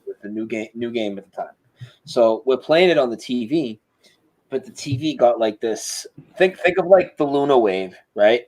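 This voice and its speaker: A man's voice: mid-range voice, normal speed, low-quality recording. A man telling a story over a video call. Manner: animated, imitates sounds, swears freely. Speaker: interview guest. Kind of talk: casual storytelling.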